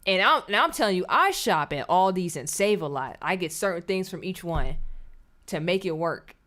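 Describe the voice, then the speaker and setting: A woman's voice: on the low side, animated, moderate pace, a bit bright. A woman giving blunt, scornful commentary on clips during a live stream.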